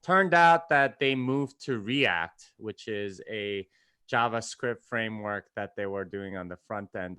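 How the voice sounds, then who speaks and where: Smooth-voiced man explaining on a podcast. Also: medium pitch, a bit bright, dry recording. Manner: loose, filler-heavy explaining. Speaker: podcast guest, developer. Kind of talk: casual chat.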